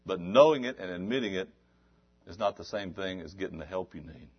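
A man preaching a sermon, shifting between quiet talk and loud, exhorting passages. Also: low-pitched, lively intonation, fairly quick, slightly rough, lo-fi sound.

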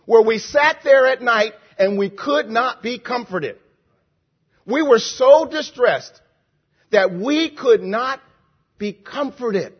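A man preaching a sermon with emphatic, repetitive phrasing and slow, drawn-out lines. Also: very high voice, animated, slightly rough, highs cut off.

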